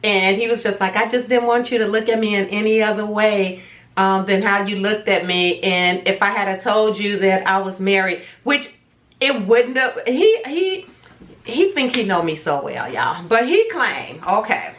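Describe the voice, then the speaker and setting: A vlogger casually tells viewers her own story, chatty and dramatic, acting out what people said in quoted voices. Her mid-range voice is expressive and a bit bright, at a normal speed, in an echoey room.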